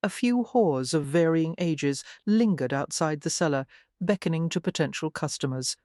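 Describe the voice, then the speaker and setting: An audiobook narrator giving a measured, even scripted reading of a romance novel. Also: medium pitch, no room sound, studio quality.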